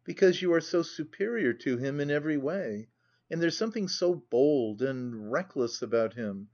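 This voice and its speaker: A man reading an audiobook, voicing a timid, gentle young woman with a raised, pleading voice. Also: on the high side, animated, normal speed, lo-fi sound. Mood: earnest.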